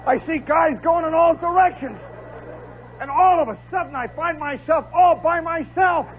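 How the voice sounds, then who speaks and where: A man telling a comic story live, animated and dramatic, with chatty asides to the listener. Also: extremely high pitch, normal speed. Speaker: radio storyteller. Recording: lo-fi 1960s radio recording with faint hiss.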